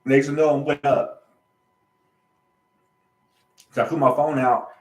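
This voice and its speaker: Animated man telling a personal story, echoey room. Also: a little high, a little slow. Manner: animated, emphatic, repeats himself, colloquial. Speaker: channel host.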